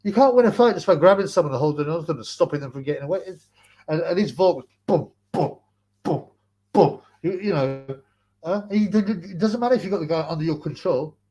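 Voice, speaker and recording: Speaking fairly quickly in a high-ish, animated voice with a dark tone and a breathy edge, a man hosts a casual livestream. He wanders from point to point, repeats himself, and laughs a lot while responding to comments from viewers.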